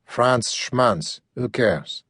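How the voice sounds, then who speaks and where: A smug, pushy hustler voiced by a male audiobook narrator makes crude wisecracks in a middle-pitched voice. He sounds close and dry, with the even delivery of a hardboiled audiobook. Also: drawn-out words, no room sound, heavily acted.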